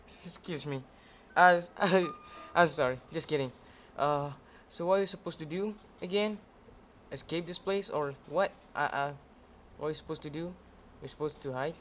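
A male gaming video host giving casual let's-play commentary, jumpy and excitable, yelping when scared. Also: a little high, a little slow, long pauses, slight background noise. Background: game music.

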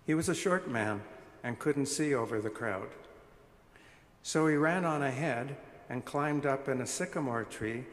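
A man reads scripture at an unhurried, careful pace. His voice carries through a roomy church sanctuary, and a long reverb trails after each phrase. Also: medium pitch. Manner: measured, deliberate reading. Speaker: scripture reader. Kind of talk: scripture reading at a church service.

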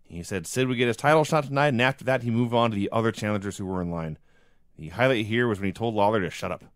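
A man's voice: lowish voice, quick pace, dry recording, studio quality. Wry man recapping in casual chat. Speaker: podcast host.

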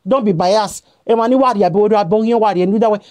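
A Nigerian-accented woman rants at her vlog audience straight to camera, scolding and repeating herself while switching between Pidgin and a local language. Her medium-pitched voice is a little mellow and very fast, with no echo.

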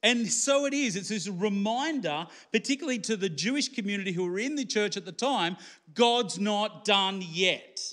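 A man preaches with a high-pitched voice in a relaxed, colloquial way. He lifts his voice to stress a point, then drops to low, quiet asides. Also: normal speed. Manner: conversational, colloquial, swings between lifted emphasis and low, quiet asides. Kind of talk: sermon.

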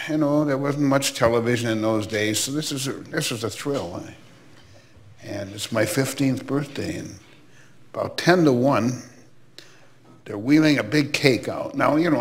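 An older man from Milwaukee spins long anecdotes from his years in baseball. He talks in a relaxed, storytelling way, full of asides and quoted exchanges, with a voice of middling pitch. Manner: anecdotal, warm reminiscing with asides. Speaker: former baseball commissioner, guest. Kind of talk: storytelling interview.

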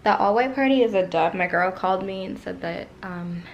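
A woman's voice: medium pitch, fairly quick, muffled recording, a little hiss or hum. A young woman in her twenties chatting casually to her vlog camera, out of breath, laughing often and using slang. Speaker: vlogger.

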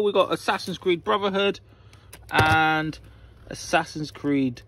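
A man's voice: fairly high pitch, unhurried, bright, forceful tone. A man, a reseller vlogging casually as he picks his orders, hyper and jokey, often talking to himself. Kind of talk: casual vlog while packing orders.

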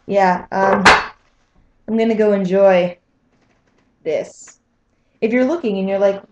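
A woman's voice: medium pitch, slow pace, pauses often, lo-fi sound, heavy background noise. A young woman in a casual vlog, squeamish and self-mocking as she talks to the camera. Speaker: vlogger. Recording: echoey room.

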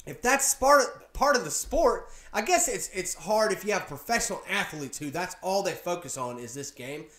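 A chatty, excitable man giving casual reaction commentary at home, laughing often as he talks. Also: high voice, normal speed. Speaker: reaction video host. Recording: echoey room with faint music.

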